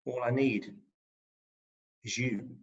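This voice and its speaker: A man's voice: medium pitch, steady tone, takes it slowly. A man with an English Midlands accent performs his rhyming poems on an online video call and talks between them with wry humour. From England. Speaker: performance poet. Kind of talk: spoken-word poetry reading with comic asides. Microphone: video call microphone. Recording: dull lo-fi video call audio.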